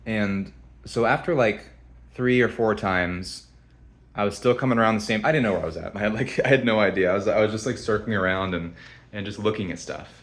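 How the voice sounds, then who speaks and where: A man's voice: on the low side, brisk. A young man telling a story to camera in a rambling, blunt, profane way with many restarts. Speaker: vlogger. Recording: echoey room.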